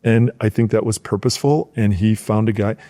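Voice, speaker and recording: A middle-aged former football player from rural Wisconsin tells stories in a casual podcast interview, his voice fairly low and his pace fairly quick. He's an animated storyteller who imitates his old coaches, raising his voice to act out their shouts.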